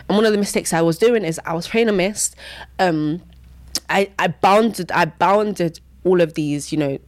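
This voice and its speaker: A young woman, a Christian vlogger, shares her testimony candidly and casually at a normal pace. She often repeats herself and bursts into sudden high-pitched exclamations, with no echo in the audio.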